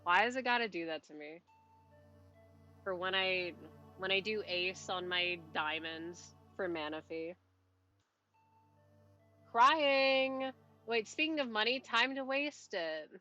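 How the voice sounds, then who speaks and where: A woman streaming a game live, chatting casually and rambling, often cutting herself off and laughing softly. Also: fairly low pitch, animated, moderate pace, highs cut off, faint music behind. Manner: rambling, self-interrupting, chatty with little laughs. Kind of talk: casual live-stream chat while playing.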